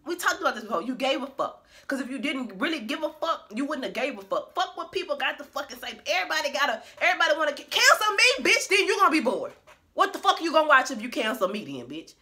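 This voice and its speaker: A woman rants to her camera in a casual, profane way, hammering each point home bluntly. Her voice sits a little high and sounds bright and forceful. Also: sing-song, quick pace. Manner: profane, blunt and emphatic, laughing between points. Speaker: vlogger.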